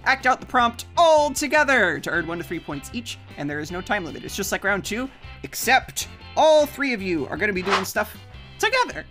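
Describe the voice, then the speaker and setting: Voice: medium pitch, sing-song, moderate pace, sharp tone, faint music behind. A laid-back host running an improv comedy game, chuckling and using lots of fillers. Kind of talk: hosting an improv game stream.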